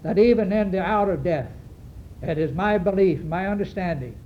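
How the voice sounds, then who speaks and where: A man preaching a sermon to his congregation, earnest and halting, with many fillers and restarts. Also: high-pitched. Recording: dull lo-fi recording with faint hiss.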